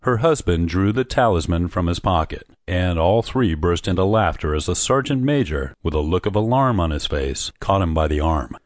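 A man with a deep, low voice reads a classic short story in measured, steady narration. The recording is dry and close, with no room sound. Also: dry recording. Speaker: audiobook narrator. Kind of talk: scripted narration.

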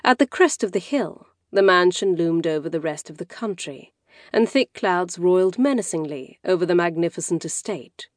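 Low-voiced woman narrating an audiobook. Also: animated, no echo. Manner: wry, measured storytelling. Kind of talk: scripted first-person narration. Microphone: close studio mic.

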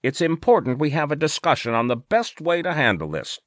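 A man's voice: fairly high pitch, big pitch swings, fairly quick, no echo, clean studio sound, pitched above the performer's own voice. A man doing an oily government aide. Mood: persuasive. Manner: smooth, placating, falsely sincere. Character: oily male government aide, smooth and falsely concerned.

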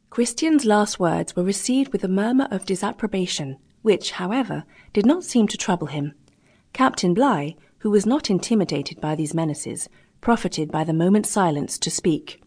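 A woman narrating a classic adventure story in a measured, dramatic reading. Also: mid-range voice, lively intonation, darkish tone, husky. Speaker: audiobook narrator. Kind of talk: scripted narration.

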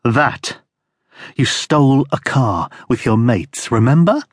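A man voicing a muffled masked captor who speaks slowly and taunts with controlled anger. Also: mid-range voice, expressive, husky, no echo, studio quality. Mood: cold anger. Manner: slow, measured and taunting.

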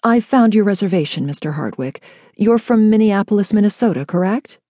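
A woman's voice: medium pitch, very animated, moderate pace, dark tone, no echo, pitched above the performer's own voice. A woman narrator voicing a polite young female hotel desk clerk who speaks in a professional tone and gets flustered.

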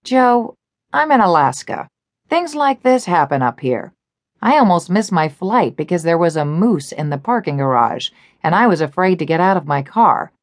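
A woman's voice: on the low side, very animated, moderate pace, no echo, clean studio sound. A woman narrator voicing a harried male businessman with a wry, exasperated manner.

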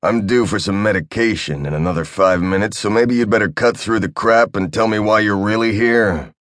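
A man's voice: lowish voice, moderate pace, a bit bright, no echo, natural voice. A man voicing a tired, sarcastic male officer who is on medication. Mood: dry, sarcastic. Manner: dry, sarcastic. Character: sardonic, weary male officer under medication.

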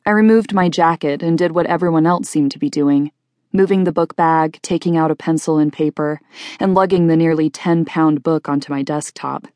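Low-voiced woman reading an audiobook. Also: normal speed, darkish tone, dry recording. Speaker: audiobook narrator. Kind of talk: first-person audiobook narration.

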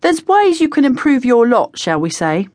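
A woman's voice: on the high side, big pitch swings, normal speed, a little mellow, no echo, studio quality, pitched above the performer's own voice. A woman voicing a cocky, slangy teenage boy spy who talks in a breezy, conspiratorial way. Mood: sly. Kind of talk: audiobook character voice.

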